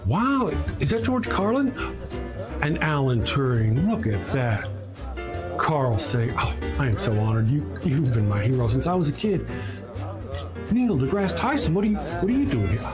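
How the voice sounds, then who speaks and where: A man's voice: a little high, sing-song, normal speed. A man playing a sarcastic, stoned man arriving in heaven, in a comedy ad sketch, talking wryly and mockingly. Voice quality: wry, mocking. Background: music.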